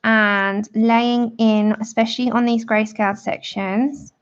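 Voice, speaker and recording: A woman's voice: a little high, steady tone, slow, lo-fi sound. A woman hosting a live colouring tutorial, chatting with viewers by name and laughing often as she works. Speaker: art livestream host.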